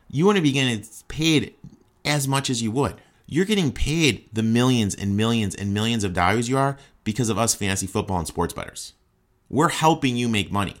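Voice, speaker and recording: A man's voice: medium pitch, fairly bright tone. A young man hosting a sports podcast, ranting heatedly and swearing often. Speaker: podcast host.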